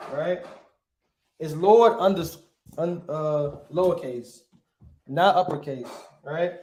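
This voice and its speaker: A man's voice: a little high, slow, long pauses, warm tone, echoey room. A man teaching a lesson, asking rhetorical questions and punctuating points with emphatic asides. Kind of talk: classroom lesson.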